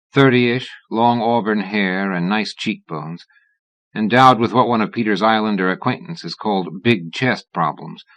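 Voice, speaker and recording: A man reading a horror novel aloud as an audiobook narrator, in a measured, even-toned way. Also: on the low side, no room sound.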